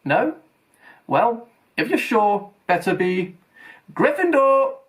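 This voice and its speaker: A man reading an audiobook aloud, voicing a sly old talking magic hat in a hushed, drawn-out way. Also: high-pitched, big pitch swings, pitched above the performer's own voice, heavily acted. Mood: musing.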